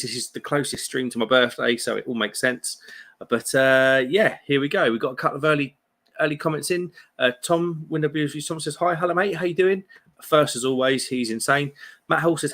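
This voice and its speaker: Reading viewer comments on his beer live stream, this thirty-something British host keeps things casual, jokey and friendly. His mid-range voice comes across pushed and bright.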